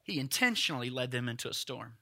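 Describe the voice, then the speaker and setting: A man's voice: medium pitch, animated, fast talker, bright, forceful tone. A man preaching a sermon emphatically, firing rhetorical questions at his congregation. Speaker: pastor.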